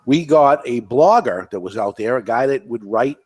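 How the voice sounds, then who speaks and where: A man's voice: mid-range voice, animated, moderate pace. A man with a New England accent, hosting a cigar podcast in casual panel chat, rambling and emphatic, repeating himself.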